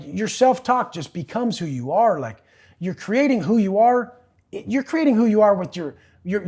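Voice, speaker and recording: Intense, profane man with a high voice. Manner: profane, blunt, forceful. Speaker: interview guest. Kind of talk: intense motivational talk.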